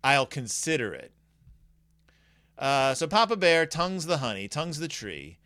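A man's voice: a little high, sing-song, unhurried, bright, forceful tone, dry recording, studio quality. A man giving a casual, rambling and jokey review of a children's book on his video channel.

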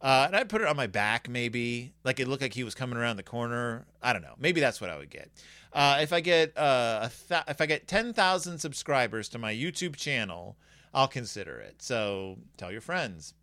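A man's voice: medium pitch, very animated, normal speed, sharp tone, no echo, studio quality. A man giving a casual, rambling and jokey review of a children's book on his video channel.

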